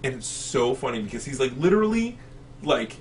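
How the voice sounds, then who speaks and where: A man's voice: mid-range voice, very animated, fairly quick, slight background noise. A man co-hosting a casual chat, chatty and often hesitating. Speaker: podcast co-host. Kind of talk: casual chat between matches. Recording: distant mic with faint ambience.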